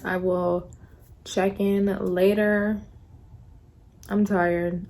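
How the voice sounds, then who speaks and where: A young woman vlogging casually to her phone camera, rambling through stories in a chatty, animated way. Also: mid-range voice, slight background noise. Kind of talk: casual vlog chat.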